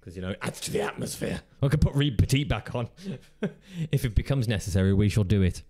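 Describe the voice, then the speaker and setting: Over heavy background noise, a man hosting his own channel chats casually as he reacts to videos, rambling through jokes and playful swearing; he's the adult parent of a teenager. His voice is lowish and expressive, and he talks quickly.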